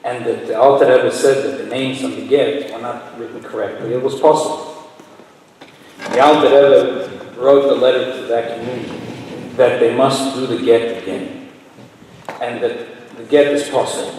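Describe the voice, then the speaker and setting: A man's voice: mid-range voice, darkish tone. A man telling a story and explaining it at a religious gathering in a large hall. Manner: explains, then tells a story with quoted voices. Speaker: speaker at a Chassidic gathering. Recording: echoey hall, voice from far off, faint noise.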